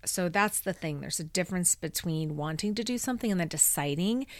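A middle-aged woman with a low voice hosts her own podcast, delivering a personal monologue that is candid, emotional and full of fillers. The studio sound is clean, with no room sound.

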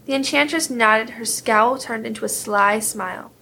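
A woman telling a fairy tale in a steady, clear storybook manner. Her voice sits somewhat high with a gravelly texture. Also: moderate pace, hardly any pauses. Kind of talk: storybook reading.

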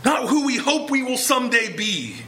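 A man's voice: extremely high pitch, sing-song, normal speed, pushed and bright, slight background noise. A male pastor preaching a sermon, earnest and emphatic, pressing his point with repeated rhetorical questions.

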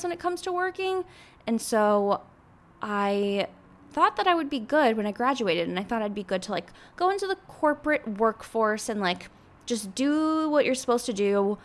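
A woman, hosting her solo podcast in a chatty, rambling way with lots of fillers. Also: mid-range voice. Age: 20s. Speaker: podcast host. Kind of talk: casual solo podcast chat.

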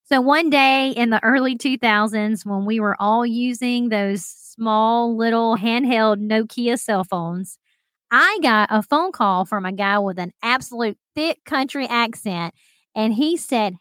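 A woman's voice: fairly high pitch, a little slow, fairly bright tone, no echo. A woman hosting her own podcast, chatting in an upbeat way and laughing often. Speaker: podcast host. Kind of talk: solo podcast talk.

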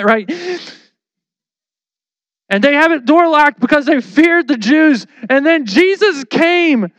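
A man giving a casual, lively sermon, telling the story with slang and acting out the people in it. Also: very high-pitched, a little slow, dry recording.

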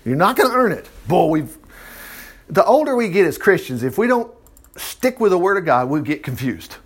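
A man's voice: high voice, big pitch swings, normal speed, breathy edge. A man giving a casual, folksy Bible teaching, chuckling and acting out the people in the story as he reads. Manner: folksy, chuckling, acts out quoted voices. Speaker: preacher.

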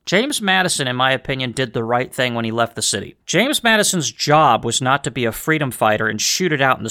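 A man's voice: mid-range voice, pushed and bright. A man hosting a history podcast, talking casually with emphatic rhetorical questions and a folksy manner. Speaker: podcast host.

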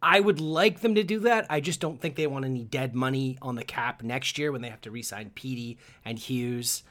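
A man's voice: medium pitch, moderate pace, fairly bright tone. A man co-hosting a casual sports podcast, chatty, with many fillers and restarts. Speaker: podcast co-host.

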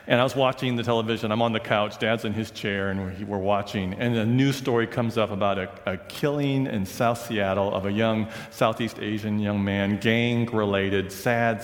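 A middle-aged male pastor preaching a sermon in a conversational, storytelling way, often checking in with the congregation. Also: on the low side. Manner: conversational storytelling, frequent "right?" and asides. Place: large church sanctuary. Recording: long church reverb.

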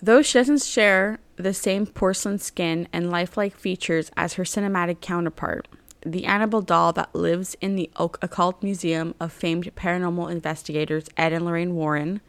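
Brief: young female true-crime podcast co-host, lower voice, casual reader who laughs easily. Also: no echo. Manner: laughs often, reads narration then banters.

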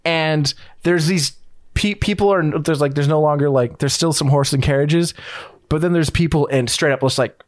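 A man narrating a tabletop game as its game master, his voice pitched a little high. He rambles through descriptions with many fillers and restarts. The sound is close and dry. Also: normal speed, no echo.

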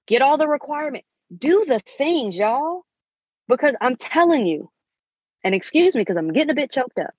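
A woman's voice: high voice, husky, no room sound, muffled recording. Emphatic woman in her 30s podcasting. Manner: emphatic, preachy, uses endearments. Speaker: podcast host. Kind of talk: motivational podcast monologue.

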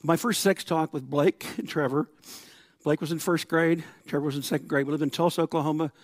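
A man's voice: fairly high pitch, steady tone, a little fast, no echo. A middle-aged man preaching a sermon to his congregation in a church, telling stories and acting out quotes. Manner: storytelling with laughs and acted-out quotes. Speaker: pastor.

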